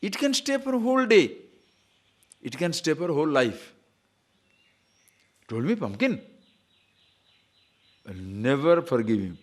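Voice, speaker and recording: A man, a spiritual teacher, giving an animated lecture on scripture and acting out little scenes of quoted speech. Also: fairly high pitch, measured pace, long pauses. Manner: animated, acts out quoted speech, chuckles at own stories.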